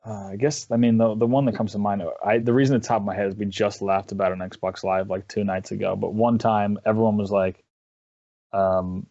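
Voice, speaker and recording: Guest, male, low register, rambling and self-deprecating, dry and slightly muffled call audio. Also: brisk, dark tone, no room sound. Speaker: guest caster. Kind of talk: casual interview chat.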